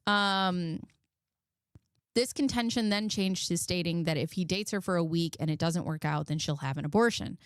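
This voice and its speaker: 30s woman streaming, chatty and blunt, cusses a lot, smooth clear voice, dry close sound. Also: lowish voice, normal speed, no echo. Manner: chatty, blunt, swears, thanks viewers. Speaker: livestream commentary host. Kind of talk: casual livestream commentary.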